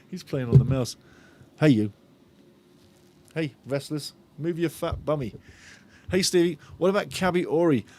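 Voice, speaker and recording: A man's voice: fairly high pitch, a little mellow. A middle-aged man hosting a live football watch-along, chatting and bantering as he reads out viewer comments with a jokey, sarcastic streak. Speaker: fan channel host of a match watch-along. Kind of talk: live-stream chat and match talk.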